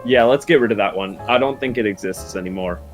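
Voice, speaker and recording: A young man from Minnesota, a podcast guest with a deadpan, dry way of joking in casual chat. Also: medium pitch, quick pace, faint music behind.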